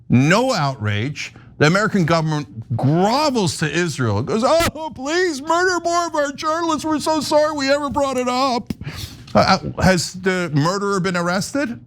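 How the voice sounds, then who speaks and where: A man's voice: sits high, fairly bright tone. A man hosting an online political show, delivering heated, sarcastic commentary with emphatic indignation. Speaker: host.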